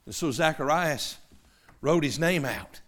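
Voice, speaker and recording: Middle-aged man preaching, bright tense voice, goes loud then drops to a hush. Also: on the high side, animated, measured pace. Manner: emphatic, dramatic swings from loud to hushed. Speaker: pastor. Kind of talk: sermon.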